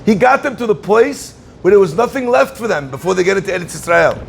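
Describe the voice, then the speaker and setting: A male rabbi delivers a Torah class as a lively storyteller, slipping into the voices of the people in his tale. His voice sits a little high and carries a gravelly rasp. A faint noise runs under the recording. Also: quick pace. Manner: storytelling, conversational, acts out quotes.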